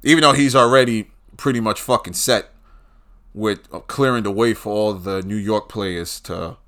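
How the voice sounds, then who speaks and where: Guy ranting and cussing nonstop, mutters then blows up loud. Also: lowish voice, fairly even intonation, moderate pace. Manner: profane, ranting, swings from muttering to shouting. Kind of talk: profane political rant.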